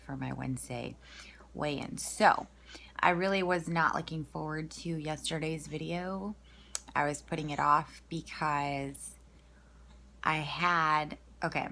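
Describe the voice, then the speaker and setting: A woman vlogger, just woken up, talks through her week in a candid, rambling video diary. Her voice sits fairly low yet sounds bright and forceful, and she keeps stopping to restart with ums. A faint hum of noise lies under her.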